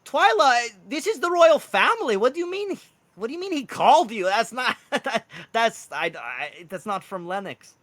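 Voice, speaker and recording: A man voicing a small, excitable male mushroom man with a Welsh accent, loud and urgent. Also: moderate pace, dry recording, exaggerated voice. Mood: flustered. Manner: high-pitched, loud, urgent.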